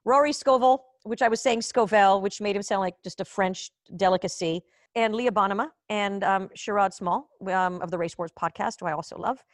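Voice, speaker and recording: A woman from Israel rambles through a casual comedy monologue, swearing freely and poking fun at herself. Her voice sits mid-pitch and sounds close and dry, like a computer mic on a video call from home. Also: a little fast, no echo. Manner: chatty, profane, self-mocking, jumps between topics. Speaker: comedian hosting a live online show. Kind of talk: casual rambling stand-up chat.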